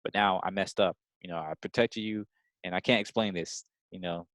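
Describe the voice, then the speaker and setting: A man voicing a blunt, calm spy. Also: low-pitched, moderate pace, no echo, pitched below the performer's own voice. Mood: flat. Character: blunt male spy, calm and matter-of-fact.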